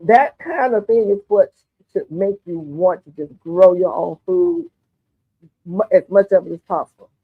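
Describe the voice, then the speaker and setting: A woman's voice: medium pitch, big pitch swings, unhurried, breathy edge, dry recording. Folksy woman on a tinny line. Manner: folksy, chatty, calls viewers honey and darling. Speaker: gardening channel host. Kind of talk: livestream chat with viewers. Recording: tinny phone-like audio, dry.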